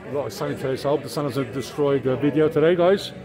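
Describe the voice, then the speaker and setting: Racing through his words at a medium pitch, a man vlogs on foot through a bustling street market, speaking to the camera and to stallholders in broken Spanish. Music plays in the background along with the market crowd's chatter and passing traffic.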